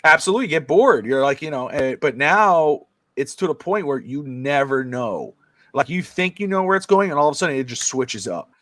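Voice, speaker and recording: A man co-hosting a casual sports talk stream, recounting events with excitement and plenty of fillers. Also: on the high side, a little fast, no room sound. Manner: excited storyteller, many fillers. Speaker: sports talk show co-host.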